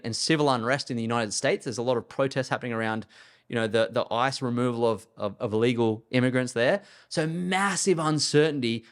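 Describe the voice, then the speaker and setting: Australian male investor, solo commentary, mid-pitched voice, blunt and emphatic delivery. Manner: emphatic and blunt, keeps asking "okay?". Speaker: investor and entrepreneur.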